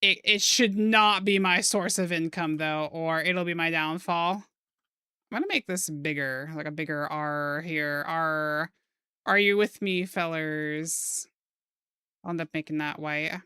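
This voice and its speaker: Playful bright-voiced young woman streamer. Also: low-pitched, clean tone, no room sound, clean studio sound. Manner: playful, goofy wordplay and silly put-on phrases. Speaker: streamer drawing live. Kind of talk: casual chat while drawing.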